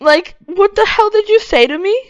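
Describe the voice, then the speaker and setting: A woman's voice: very high-pitched, moderate pace, no room sound. A woman co-hosting a podcast in casual chat, blunt and sweary and laughing at herself. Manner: blunt, sweary, self-mocking. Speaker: podcast co-host.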